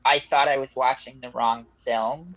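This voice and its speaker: A man who is a guest in a casual film chat, making wry, deadpan asides. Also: medium pitch, a little slow, muffled recording.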